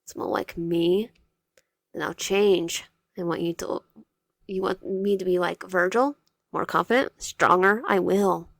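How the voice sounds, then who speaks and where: A woman's voice: on the low side, measured pace, creaky, no echo, studio quality. A woman voicing a possessive, tearful teenage boy classmate who pleads and clings. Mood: pleading.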